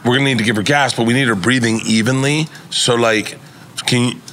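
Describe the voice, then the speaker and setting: A middle-aged man, a comedian guest on a podcast, telling a story in an animated, profane, rambling way full of restarts. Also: mid-range voice, brisk.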